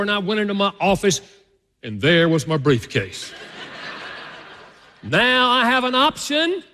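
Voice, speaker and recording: A male pastor preaching a conversational sermon, telling stories and jumping up high in pitch for emphasis. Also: fairly bright tone. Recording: long reverb of a large hall.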